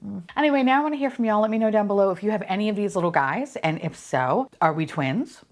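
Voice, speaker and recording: A young adult woman talking casually as she unboxes blind-box toys at home, excitable and profane, gasping and squealing at what she pulls out. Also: mid-range voice, fast. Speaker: unboxing vlogger.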